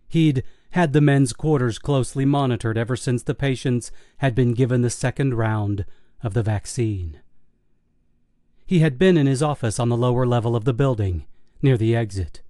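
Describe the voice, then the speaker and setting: A man reading a horror audiobook in a steady, measured storytelling manner. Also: medium pitch, no room sound, studio quality. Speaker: audiobook narrator. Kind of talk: scripted horror audiobook narration.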